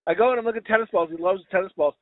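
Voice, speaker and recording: A man co-hosting a podcast, telling rambling, crude, self-mocking stories and acting out what people said. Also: rapid-fire. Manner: acts out quoted voices in high pitch. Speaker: podcast co-host. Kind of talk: casual storytelling chat. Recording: dry, phone-like lo-fi audio.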